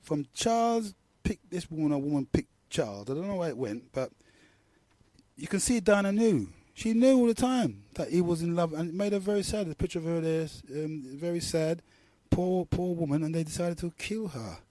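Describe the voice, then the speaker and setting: Rambling London man, mellow and dry. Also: on the high side, lively intonation, normal speed, dry recording. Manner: rambling, slangy storytelling. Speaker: radio talk show host. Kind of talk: casual monologue.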